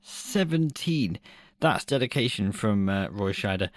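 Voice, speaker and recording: A man's voice: lowish voice, animated, measured pace, no room sound, clean studio sound. A man co-hosting a podcast. He reviews a film in casual, jokey chat, laughing often and swearing freely. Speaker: podcast co-host.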